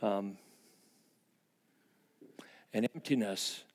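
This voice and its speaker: A man in his sixties preaching a sermon as a pastor, moving between hushed confessional passages and fervent, rising emphasis. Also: fairly low pitch, drawn-out words.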